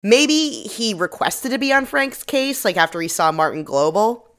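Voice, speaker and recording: A woman's voice: mid-range voice, animated, moderate pace, fairly bright tone. A woman co-hosting a podcast, recapping a TV episode in casual chat, laughing often and acting out the characters' lines. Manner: laughs often, acts out quotes. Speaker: podcast co-host.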